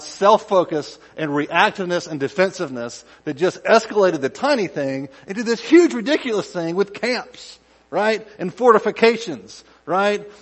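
A male pastor giving a conversational sermon, dropping to quiet asides and rising to loud acted-out shouts. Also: fairly high pitch, rough recording.

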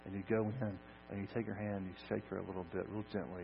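A man preaching a sermon, swinging from loud emphasis to soft, hushed lines. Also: low voice, steady tone, fast talker, creaky. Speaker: pastor. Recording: dull lo-fi recording with mains hum.

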